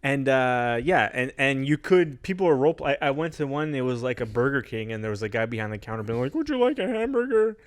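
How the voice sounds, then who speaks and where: A young man co-hosting a comedy podcast, excitable and stammering, with sudden yelps. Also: mid-range voice, quick pace, hardly any pauses, smooth, no echo, studio quality. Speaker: podcast co-host. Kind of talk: casual comedic banter.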